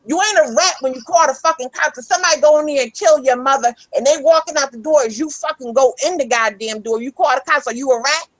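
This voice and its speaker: Heated woman going off, lots of swearing, high voice, dry close sound. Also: no echo, poor audio. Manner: angry, profane, emphatic, repeats herself. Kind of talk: heated ranting.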